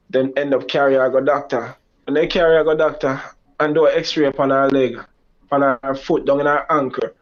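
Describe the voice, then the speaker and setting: Jamaican man telling a family story. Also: mid-range voice. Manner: rambling, Jamaican Creole phrasing, acts out quoted lines in a raised voice. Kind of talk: personal storytelling. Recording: dull lo-fi sound.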